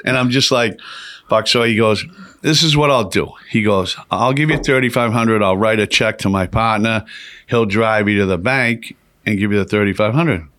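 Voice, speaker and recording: A man's voice: on the low side, normal speed, a bit bright, no echo. Profane New man telling stories. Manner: profane, rambling storyteller with frequent restarts. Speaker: podcast guest. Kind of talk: casual storytelling.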